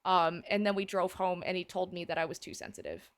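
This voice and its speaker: A young woman hosting a casual stream chat, telling a story in an animated way, swearing freely and acting out quotes. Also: on the low side, fairly quick. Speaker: streamer host.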